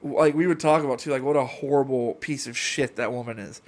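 A young man chats casually on a podcast, spinning a long anecdote. He laughs often and slips into quick impressions of the people in his story. His voice sits at an ordinary middle pitch. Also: darkish tone.

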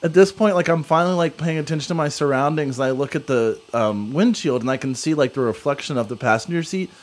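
A man's voice: fairly high pitch, fast. A young man telling a long story in casual chat, rambling with many fillers.

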